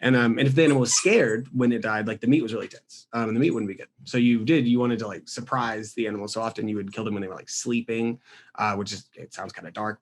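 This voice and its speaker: Rambling crude-joking podcast man. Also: mid-range voice. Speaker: podcast co-host. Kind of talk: casual comedy podcast chat.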